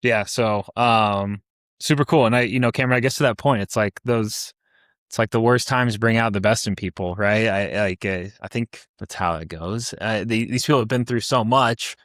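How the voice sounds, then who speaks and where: Low-voiced man telling a rambling story. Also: moderate pace, fairly bright tone, no room sound, clean studio sound. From United States. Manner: rambling storyteller, many restarts and fillers. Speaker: podcast co-host. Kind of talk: casual chat, personal travel story.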